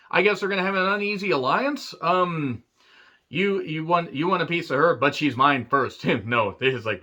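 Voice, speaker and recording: A man's voice: fairly high pitch, moderate pace, bright, forceful tone. Foul-mouthed ranting male reviewer. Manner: profane, sarcastic ranting. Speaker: wrestling show reviewer.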